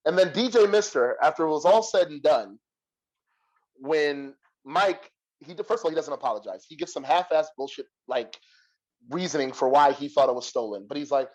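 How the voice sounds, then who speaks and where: A man's voice: fairly high pitch, normal speed, rough recording. Heated, profane man telling a story. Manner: profane, heated retelling with quoted dialogue. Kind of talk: casual storytelling on a podcast.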